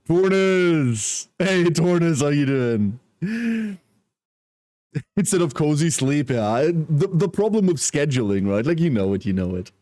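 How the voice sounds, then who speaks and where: A man chatting casually on a livestream, groggy from a nap, speaking softly and apologetically as he greets viewers one by one. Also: fairly low pitch, no room sound, studio quality. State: groggy, just woke from a nap. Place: at home, wrapped in a blanket.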